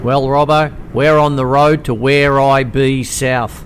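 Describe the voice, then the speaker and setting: A man's voice: medium pitch, fairly even intonation, slow pace, slight background noise. A man hosting a comic sketch, chatting in a blokey, slangy, joking way. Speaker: host.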